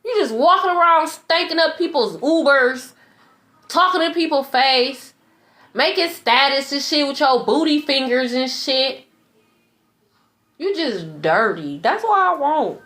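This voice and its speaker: A woman's voice: high-pitched, expressive, unhurried, fairly bright tone. A young woman tarot reader ranting in a blunt, profane, repetitive monologue. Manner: blunt, profane, repeats herself.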